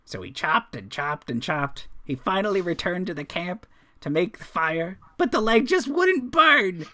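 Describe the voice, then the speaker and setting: A shrill, leering jester. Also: male voice, big pitch swings, unhurried, bright, forceful tone, full character voice. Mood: mocking. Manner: shrill, taunting, sneering. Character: short gaunt leering male jester, mocking.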